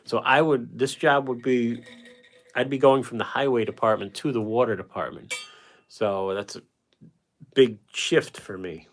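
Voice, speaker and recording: A man's voice: medium pitch, fairly even intonation, a little slow. A man hosting a painting livestream, chatting casually and rambling as he reads out viewer comments and answers them. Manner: talkative, chummy with viewers.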